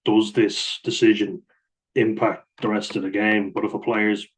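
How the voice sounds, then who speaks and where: A man's voice: lowish voice, little pitch movement, normal speed, low-quality recording. A man, a rugby player hosting a casual, blunt commentary on the rules of the game, swearing and laughing easily along the way.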